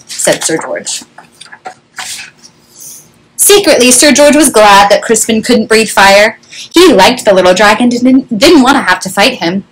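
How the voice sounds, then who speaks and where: A woman reads a children's story aloud in an animated, expressive way. Her voice sits fairly high. The recording comes from a webcam with a faint hiss of noise behind her. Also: unhurried, poor audio.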